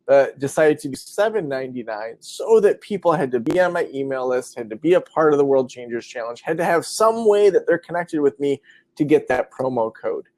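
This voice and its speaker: A man's voice: medium pitch, a little mellow, no room sound. A man hosting a live webinar, talking casually with lots of fillers and answering viewer questions. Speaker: webinar host. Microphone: computer mic over a web stream.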